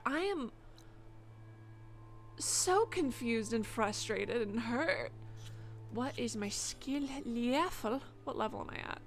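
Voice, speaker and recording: A woman's voice: on the high side, fairly bright tone. A woman streaming a video game, ranting in dramatic exasperation. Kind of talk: live game stream commentary.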